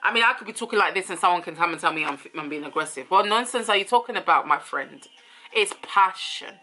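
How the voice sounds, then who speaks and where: A woman's voice: fairly low pitch, animated, fast talker, sharp tone, faint music behind. A woman giving casual, opinionated commentary on a reality show, talking in a chatty way with many fillers. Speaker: reality TV reviewer.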